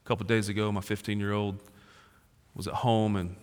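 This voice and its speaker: A man in his forties preaching a sermon as a pastor, talking casually and slangily, swinging from loud emphasis to low, quiet stretches. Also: level tone, brisk. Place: large church auditorium. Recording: long reverb of a large hall.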